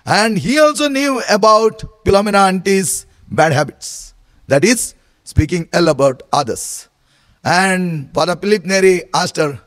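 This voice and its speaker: A priest telling a parable in a sermon, slow and repetitive. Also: male voice, high-pitched, expressive, a bit bright. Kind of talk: sermon storytelling. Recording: long hall reverb.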